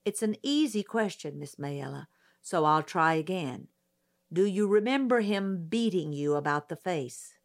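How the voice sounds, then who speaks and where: A woman's voice: on the low side, lively intonation, measured pace. A woman reading an audiobook, voicing a middle-aged male lawyer who questions a witness patiently in a dry, detached way. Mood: measured, persistent.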